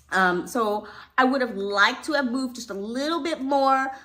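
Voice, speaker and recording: A woman acting teacher explaining a scene, animated and acting out little examples as she talks. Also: a little high. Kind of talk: instructional video.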